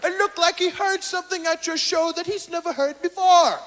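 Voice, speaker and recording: High-pitched male comic, crude and shouty storytelling, live hall sound. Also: fairly quick. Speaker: stand-up comedian. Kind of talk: stand-up comedy storytelling. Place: stage before a live crowd in a hall. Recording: hall reverb with faint crowd.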